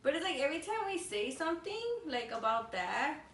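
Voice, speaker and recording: Young woman, higher voice, rambling casual storytelling, filler-heavy, code-switching, distant mic, echoey room. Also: sing-song, fairly quick, fairly bright tone, a little hiss or hum. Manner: switches languages mid-sentence. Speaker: vlogger co-host. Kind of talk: casual storytelling over a meal.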